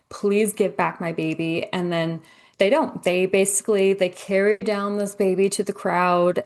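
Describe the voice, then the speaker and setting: Animated woman guest, lots of "like". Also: on the low side, no room sound. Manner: animated storyteller, acts out quoted lines, says "like" a lot. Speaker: podcast guest, gardener. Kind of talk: casual chat.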